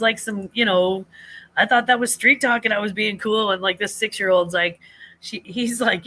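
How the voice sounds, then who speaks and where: An older woman hosts a relaxed live chat, her voice bright and clear at a middle pitch. She rambles along, restarting sentences, trailing off with fillers and often breaking into laughter. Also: normal speed. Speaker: livestream host.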